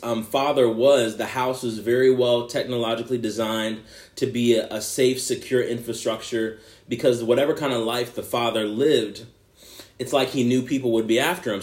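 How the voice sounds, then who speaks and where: A man's voice: lowish voice, roomy sound. A man hosting a podcast, telling a film's plot in a rambling, enthusiastic way with asides to his listeners. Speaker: podcast host. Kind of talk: casual movie review.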